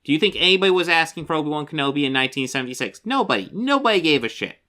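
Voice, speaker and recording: A man's voice: a little high, big pitch swings, very fast, bright, forceful tone. A young man hosting a reaction commentary, exasperated and sarcastic, swearing casually as he argues back at a clip. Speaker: commentary host.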